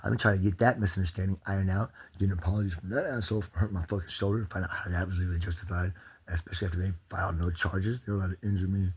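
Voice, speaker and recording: Husky, low-voiced man ranting. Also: fairly even intonation, rapid-fire. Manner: profane, agitated, rambling. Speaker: vlogger. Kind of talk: angry venting monologue.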